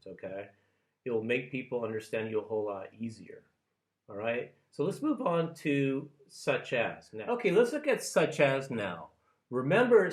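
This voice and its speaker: A man teaching a business English lesson for ESL learners. He explains slowly and keeps checking in with a quick "okay?". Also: mid-range voice. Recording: echoey room.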